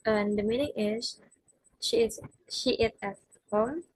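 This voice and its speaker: A young woman, a native Indonesian speaker, slowly reading her grammar lesson notes aloud with frequent "uh" fillers. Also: a little high, breathy edge, no room sound, poor audio. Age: young adult. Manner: slow and careful, with frequent "uh" fillers. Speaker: student presenting an exam review.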